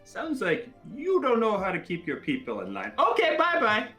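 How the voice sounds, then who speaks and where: A man playing a tabletop game, speaking in a drawn-out, wry, questioning way. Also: sits high, huge pitch swings, fairly bright tone, faint music behind. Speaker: player. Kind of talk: casual chat at a tabletop game.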